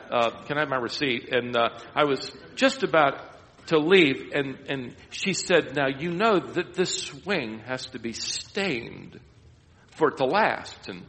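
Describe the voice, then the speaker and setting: A man's voice: on the high side, fairly bright tone. A man telling a long, self-deprecating personal story in a sermon, with a rambling anecdotal manner. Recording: long hall reverb.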